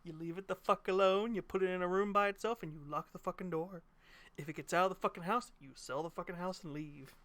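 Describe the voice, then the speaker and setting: A man's voice: high voice, quick pace, fairly bright tone. A man streaming live, reacting to spooky videos in a blunt, skeptical way and swearing freely. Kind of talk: casual live reaction commentary.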